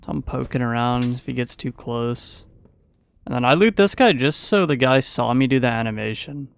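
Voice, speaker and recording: Gaming YouTuber, male, mid-pitched, gravelly yet smooth, easygoing play-by-play voice-over. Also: lively intonation, moderate pace. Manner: casual, playful play-by-play recap. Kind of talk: gameplay commentary voice-over.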